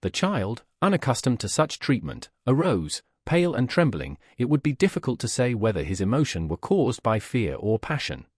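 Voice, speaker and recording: A man narrating a classic novel as an audiobook, with a measured, expressive reading. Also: mid-range voice, no echo, studio quality.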